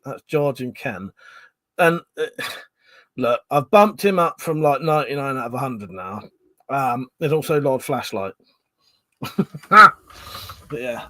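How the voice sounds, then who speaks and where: A man's voice: mid-range voice, animated, slow, pauses often, pushed and bright, no room sound. A Scottish-born man with a Manchester accent hosting a casual livestream, rambling, swearing and laughing as he reads out chat messages. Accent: Manchester English. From Scotland. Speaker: livestream host. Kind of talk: casual chat reading live comments.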